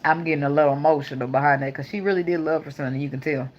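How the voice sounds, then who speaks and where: Young woman tarot reader, low voice, blunt and profane, with a faint hum behind her. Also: steady tone, very fast, highs cut off. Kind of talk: casual tarot reading.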